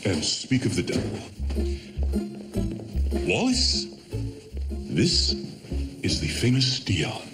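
An actor playing a pompous, theatrical husband in a TV drama, with a music score behind him. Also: male voice, fairly low pitch, huge pitch swings, takes it slowly, pauses often, heavily acted. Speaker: husband of the house. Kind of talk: TV drama acting.

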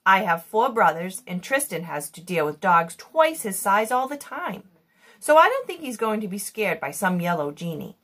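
A woman's voice: medium pitch, big pitch swings, a bit bright. A woman voicing a bold, eager eight-year-old girl in a read-aloud children's story. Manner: eager, talks fast and a little cross.

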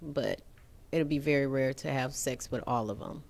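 A woman's voice: extremely low pitch, moderate pace, gravelly, a little mellow. A woman co-hosting a relationship talk show, frank and emphatic in casual chat.

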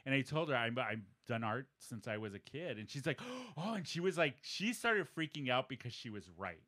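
A man's voice: mid-range voice, very animated, brisk, pushed and bright. A man co-hosting a podcast, animatedly retelling a story and acting out the quoted dialogue in a casual chat. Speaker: podcast co-host.

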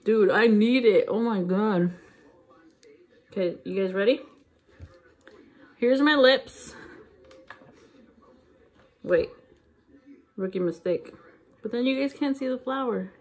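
A woman vlogging about her shopping finds, chatting casually to camera and gushing with excitement over each item. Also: medium pitch, takes it slowly, long pauses.

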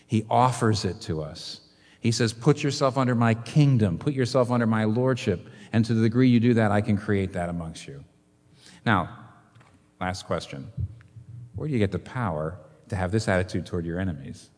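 A man preaching a sermon as pastor, in an animated way full of rhetorical questions. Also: fairly low pitch. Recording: long hall reverb.

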